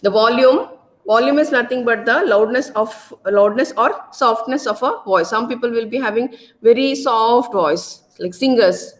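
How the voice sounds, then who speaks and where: A woman lecturer with an Indian English accent from Karnataka, giving a loud, repetitive classroom lecture full of tag questions. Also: a little high, moderate pace. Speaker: college lecturer.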